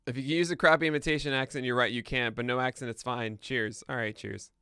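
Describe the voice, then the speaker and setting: A man from the United States hosts a live morning podcast in a chatty, self-deprecating way, laughing at his own asides before he settles into a brisk rundown. His voice is smooth and clean, recorded close and dry at a streaming desk. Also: medium pitch, pushed and bright, dry recording. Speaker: podcast host. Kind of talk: casual live-stream chat, then news rundown. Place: home studio, streaming live.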